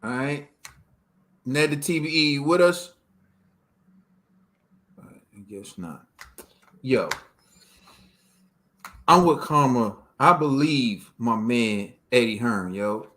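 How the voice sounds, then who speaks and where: A casual American man hosting a sports talk show. He talks loose and slangy, ribbing his friends, at a middle pitch. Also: lively intonation, slow pace, pauses often, sharp tone. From United States. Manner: slangy, teasing, says yo and bro. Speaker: podcast host. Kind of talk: casual chat.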